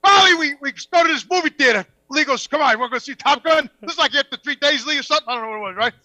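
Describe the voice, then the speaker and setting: High, bright-voiced man telling a profane story. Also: very fast, no echo, poor audio. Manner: profane, animated, acts out dialogue. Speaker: podcast guest. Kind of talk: casual storytelling.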